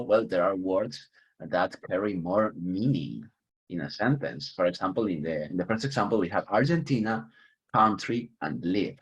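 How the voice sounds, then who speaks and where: A man runs an online English lesson over a video call, his low voice coming through dull, lo-fi computer audio. He stays chatty and upbeat, chuckling easily and leaning hard on the key words. His voice sounds a little husky. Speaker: English teacher. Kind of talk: online class teaching. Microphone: computer mic on a video call.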